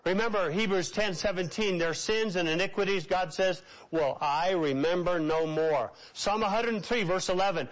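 A man preaching a sermon as a pastor, swinging between raised exclamations and hushed, slow phrases, and leading his congregation to repeat lines after him. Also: high-pitched, low-quality recording.

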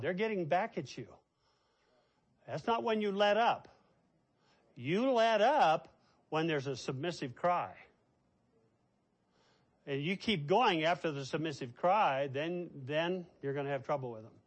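An older man, a pastor, preaching a sermon and telling a family story in a conversational way. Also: fairly high pitch.

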